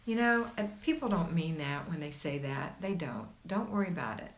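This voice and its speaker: A woman's voice: sits low, big pitch swings, normal speed, slight background noise. A woman hosting a casual livestream, reading viewer comments aloud and reassuring her viewers in a chatty way. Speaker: homemaking livestream host.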